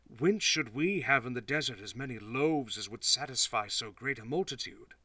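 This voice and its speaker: A man's voice: medium pitch, expressive, moderate pace, bright, forceful tone, no echo, distant mic. A man voicing a group of worried male disciples who ask plain, questioning things.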